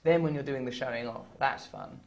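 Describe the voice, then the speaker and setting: Gravelly English comedian, rambling deadpan. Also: male voice, medium pitch, brisk. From England. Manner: rambling, absurd deadpan jokes. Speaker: comedian guest. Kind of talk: playful interview banter.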